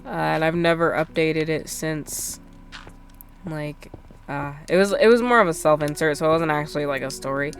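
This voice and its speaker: A woman's voice: deep voice, moderate pace. A woman streamer chatting casually while she plays, rambling with lots of fillers and self-deprecating asides. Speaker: game streamer. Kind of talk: casual gameplay chat.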